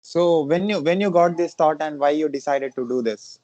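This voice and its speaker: A man hosting a podcast, asking halting questions with many fillers. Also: fairly high pitch, darkish tone, no room sound. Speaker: podcast host. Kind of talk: casual interview. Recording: dull lo-fi dry sound.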